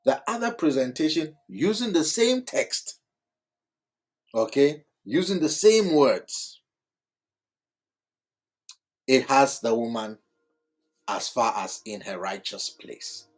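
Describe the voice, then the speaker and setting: A man teaching at a writing board, slow and deliberate, repeating phrases word by word. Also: medium pitch, very animated, rough recording. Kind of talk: whiteboard lecture.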